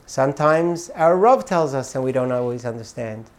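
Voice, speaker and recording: A man, a rabbi, telling an inspirational story with dramatic swings between loud and soft. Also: medium pitch, animated, normal speed.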